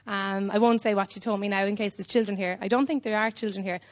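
A woman's voice: medium pitch, fast talker. Irish woman rambling through a standup set. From Ireland. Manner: whimsical, rambling deadpan storytelling with frequent ums. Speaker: standup comedian.

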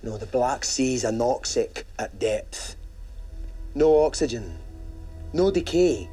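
A determined, middle-aged Scottish submarine captain in a film scene, reasoning things through with firm conviction. His voice is husky and mellow, and a faint film score hums behind him. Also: medium pitch, expressive, takes it slowly, faint music behind. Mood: focused, insistent. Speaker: film character. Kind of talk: film dialogue.

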